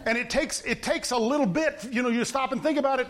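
A man with a high voice preaches in a relaxed, talky way. He moves between reading scripture and plain-spoken commentary. He hammers his points home by repeating them. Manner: emphatic, repeats points, quick asides to the congregation. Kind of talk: conversational sermon with scripture reading.

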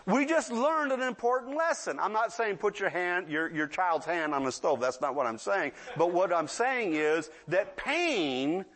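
A man in his sixties preaches conversationally with a high, slightly bright and animated voice, talking a little slowly with few pauses. He often checks in with the audience and acts out children's voices in asides.

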